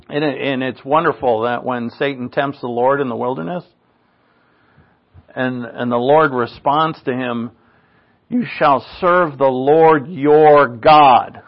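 A man preaching a sermon in an earnest manner, his pitch rising on rhetorical questions. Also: dull audio.

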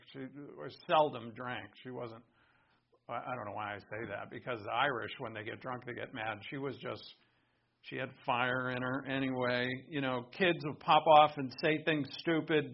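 Gravelly husky male pastor preaching. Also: medium pitch, fairly even intonation, normal speed, highs cut off. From Rhode Island. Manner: conversational, swings between soft and emphatic. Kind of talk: sermon.

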